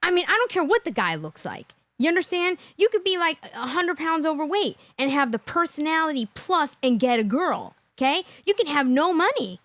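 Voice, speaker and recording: A high-pitched woman hosts a reaction livestream and reads comments from her chat. She is animated and breaks into laughter often. The recording is dry and close. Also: moderate pace, few pauses, dry recording. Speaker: livestream host.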